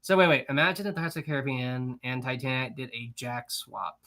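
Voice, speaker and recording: Bright-voiced giggly livestream host. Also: male voice, mid-range voice, fairly even intonation, fairly quick. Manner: chatty, giggly, rambling with many restarts. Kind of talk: casual livestream chat, reading super chats.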